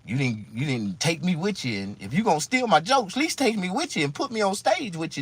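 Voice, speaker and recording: A comedian man talking casually to his viewers, telling rambling, profane stories that swing between loud outbursts and low asides. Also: big pitch swings, brisk, few pauses, a little hiss or hum. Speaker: stand-up comedian. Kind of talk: casual monologue to camera.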